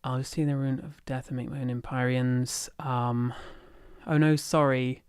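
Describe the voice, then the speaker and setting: Livestream host. Rambling and self-interrupting, with a smooth voice and a dry recording. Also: medium pitch, flat delivery, normal speed, a little mellow, no room sound. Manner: rambling and easily sidetracked; thinks aloud with many fillers and restarts. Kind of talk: casual lore chat on a livestream.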